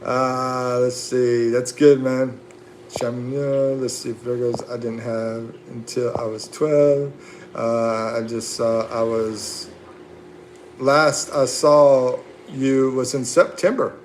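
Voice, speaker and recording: Slow-talking man chatting on a livestream. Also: mid-range voice, steady tone, a little hiss or hum. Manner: chatty, reads viewer comments aloud with frequent laughs and fillers. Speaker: livestream host. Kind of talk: casual livestream chat reading comments.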